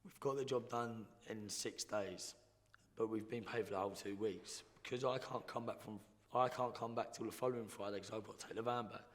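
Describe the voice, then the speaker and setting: A young man, telling his life story in a blunt, slangy, halting way as a podcast guest. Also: on the low side, fairly even intonation. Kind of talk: casual storytelling. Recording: roomy hall reverb.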